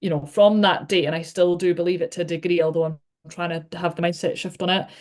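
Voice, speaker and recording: A Scottish woman in her thirties talks as a podcast guest in a relaxed, chatty way. She peppers her speech with likes and you-knows. Her voice sits a little low for a woman. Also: fast talker. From Scotland. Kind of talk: casual chat.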